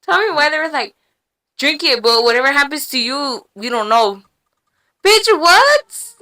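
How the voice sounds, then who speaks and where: A young woman on a casual podcast, telling stories in an animated, slangy way with plenty of swearing and laughter. Her voice is bright and pitched a little high. She talks into a podcast mic in a small room. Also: moderate pace. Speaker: podcast guest. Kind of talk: casual storytelling.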